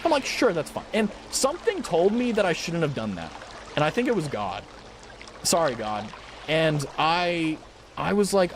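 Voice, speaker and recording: A man's voice: fairly high pitch, sing-song, normal speed, a bit bright, slight background noise. A young man streaming as a VTuber, chatting casually with viewers and telling a rambling, profane story.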